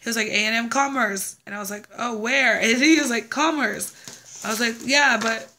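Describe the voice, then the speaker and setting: A woman's voice: fairly high pitch, normal speed, bright, forceful tone, a little hiss or hum. A young woman from Texas telling a personal story in a casual vlog, chatty, with many fillers and restarts. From Texas, USA. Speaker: vlogger living abroad.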